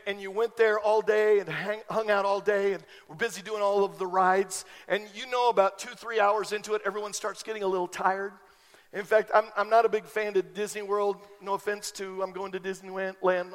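A man preaching a sermon as a pastor, animated and emphatic, building to loud peaks. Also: high voice. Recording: long reverb of a large hall.

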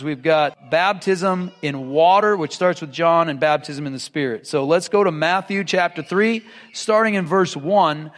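A man with a high, ringing speaking voice preaches to his congregation. He is earnest and emphatic. He reads a passage, then breaks it down plainly. A long reverb hangs in the church around him. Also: a bit bright. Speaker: pastor. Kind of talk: sermon. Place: church sanctuary.

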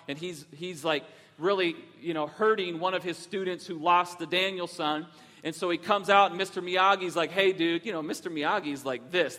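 High-voiced preaching man in a reverberant hall. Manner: animated storytelling, preaching with rising emphasis. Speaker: pastor. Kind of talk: sermon. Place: church sanctuary.

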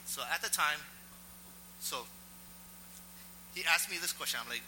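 A male pastor preaching a sermon, telling a personal story in an animated, self-mocking way. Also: fairly high pitch, moderate pace, pauses often, big-room sound, slight background noise, poor audio.

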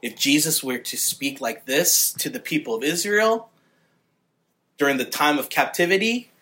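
A male pastor preaching a sermon with earnest passion, growing louder and more fervent on key points. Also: fairly high pitch, sing-song, moderate pace.

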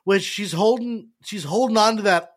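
High-pitched male host, quizzing co-hosts in a loose, restarting way. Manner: questioning, halting restarts. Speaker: podcast host. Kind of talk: casual film review chat.

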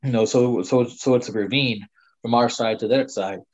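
A middle-aged man tells a hunting story in a loose, rambling way, leaning on "you know" between phrases. His voice sits at an ordinary middle pitch. The recording sounds a little dull and lo-fi. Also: normal speed. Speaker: guest storyteller. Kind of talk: casual spoken hunting story.

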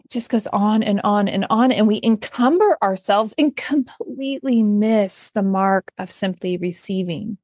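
A woman's voice: medium pitch, measured pace, few pauses, a little mellow, no echo, clean studio sound. A middle-aged woman hosting a motivational podcast, talking earnestly and expressively, laughing often and acting out little quotes. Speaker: podcast host.

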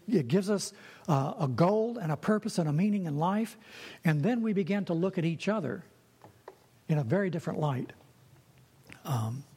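A man delivers a sermon in earnest, repeating phrases to drive them home. His voice sits a little high and is slightly husky. The sound carries a long reverb, as in a large church hall. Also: warm tone. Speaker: preacher.

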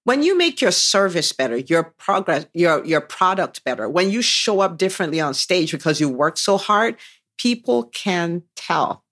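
A woman's voice: fairly low pitch, big pitch swings, moderate pace, fairly bright tone. A woman hosting a business podcast, enthusiastically unpacking and praising her guest's story in an interview chat. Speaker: podcast host and business coach.

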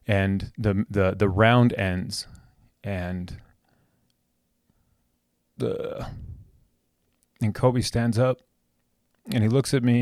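A man in his thirties tells a heartfelt personal story on his own podcast, his low, darkish voice earnest. He stumbles and restarts, repeating words, and the recording sounds dry and close with no room echo.

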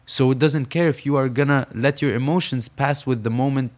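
A young man, a professional boxer, telling an intense story in a conversational interview and slowing down to stress his key points. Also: medium pitch, steady tone. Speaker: professional boxer, podcast guest.

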